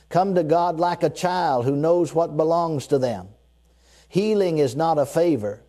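A man in full sermon mode speaks emphatically with a somewhat high yet warm, mellow voice. Key phrases come back again and again, scripture is read slowly and deliberately, and he has the congregation echo his declarations back to him.

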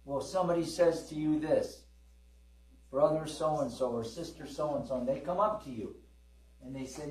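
Midwestern preacher in an echoey hall. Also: male voice, fairly high pitch, moderate pace, darkish tone, recorded from a distance. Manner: conversational storytelling, with calls to the congregation. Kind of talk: sermon. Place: church hall with congregation.

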